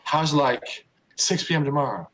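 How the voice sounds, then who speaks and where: A man's voice: fairly high pitch, moderate pace, fairly bright tone, slight background noise, natural voice, rough recording. A man voicing an easygoing, obliging male bartender in a tabletop game.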